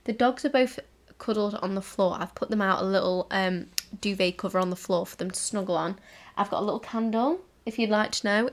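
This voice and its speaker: A young woman hosting a casual solo podcast from home, talking in a rambling, giggly way with lots of fillers. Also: mid-range voice. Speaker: podcast host. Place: home, indoors, in a cozy room.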